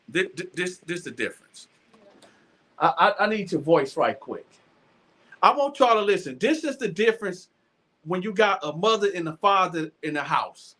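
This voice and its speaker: High, bright-voiced man telling stories. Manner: animated, repetitive, stammering restarts. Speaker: show host. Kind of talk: casual storytelling monologue.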